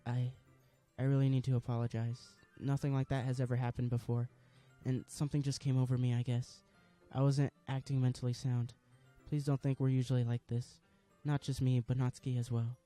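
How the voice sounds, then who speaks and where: A man voicing a timid, bookish teenage girl who speaks softly and stammers as she goes. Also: mid-range voice, level tone, brisk, soft background music, natural voice. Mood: nervous, apologetic. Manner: hesitant, stammering, soft-spoken.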